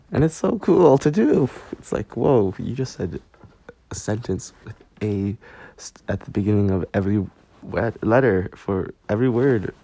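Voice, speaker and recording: Young guy rambling on his podcast from bed, goofy and self-mocking, low voice, mellow tone. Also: vocal fry, husky. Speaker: podcast host. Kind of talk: rambling solo podcast chat. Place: bedroom, on a squeaky bed.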